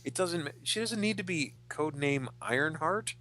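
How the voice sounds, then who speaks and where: Podcast host, male, bright and forward voice, lively storyteller who voices the characters. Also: on the high side, moderate pace, slight background noise. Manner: animated storyteller, acts out comic characters' quotes. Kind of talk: casual chat.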